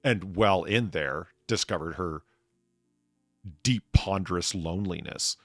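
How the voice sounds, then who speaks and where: A man's voice: sits low, unhurried, no room sound, studio quality. A man in casual chat, ranting and swearing as he rambles through restarts. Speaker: podcast co-host.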